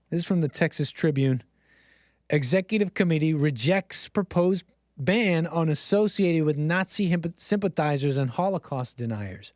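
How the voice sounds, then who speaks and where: A man's voice: on the high side, a little mellow, no echo, clean studio sound. A man hosting a casual livestream, rambling and sarcastic, mocking others with exaggerated gasps. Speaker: livestream host.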